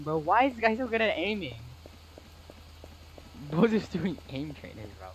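A gamer giving casual gameplay commentary with excitable trash talk, yelps and gasps. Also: medium pitch, normal speed, pauses often, a little hiss or hum. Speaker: gamer playing online.

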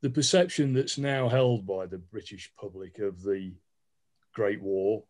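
A man asking a question at an online talk, halting, with restarts and fillers. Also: on the low side, a little mellow. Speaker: audience questioner.

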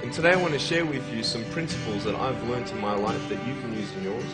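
A man's voice: mid-range voice, fast, rough recording. Earnest man giving a motivational speech. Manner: earnest, emphatic, with rhetorical questions. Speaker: motivational speaker. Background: background music.

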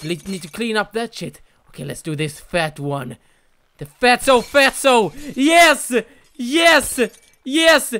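A young man commentating a video game he is playing, loud and excitable, yelling and swearing whenever things go wrong. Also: very high voice, slow, clear, resonant tone. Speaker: gaming channel host. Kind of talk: let's play commentary.

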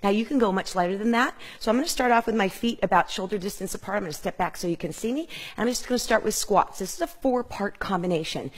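Middle-aged woman fitness instructor, breathing hard, upbeat cueing, clip-on mic at home. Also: mid-range voice. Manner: upbeat, counts and cues moves while exercising. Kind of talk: live workout instruction.

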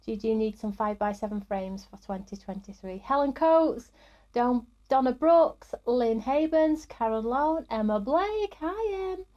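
A woman's voice: fairly high pitch, a little slow, warm tone, lo-fi sound. A woman, middle-aged, hosting a live craft stream in an upbeat, chatty way and greeting viewers by name.

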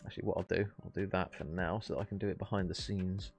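A man's voice: low voice, steady tone, fast talker, gravelly, darkish tone, faint music behind. A man hosting a live esports stream, casting casually with laid-back, jokey chatter. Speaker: esports caster and stream host. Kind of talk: relaxed live casting and banter.

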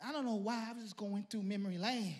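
A male pastor a sermon, telling a story and building to shouted praise. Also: high voice, fast.

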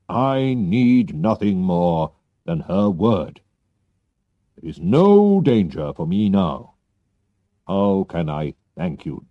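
A man voicing an emotional middle-aged king who exclaims and thanks warmly. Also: low-pitched, no room sound, exaggerated voice. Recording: dull lo-fi recording.

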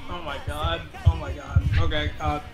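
A man's voice: a little high, little pitch movement, moderate pace, dull audio. A man with a cold co-commentating a game, giggly and self-deprecating. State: sick with a cold. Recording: roomy echo, game music behind.

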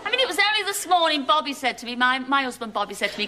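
A woman's voice: high voice, sing-song, very fast, some chatter behind. A woman with a Liverpool accent hosting a studio dating show, teasing and laughing often. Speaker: game show host. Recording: noisy TV studio with loud audience. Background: studio audience.

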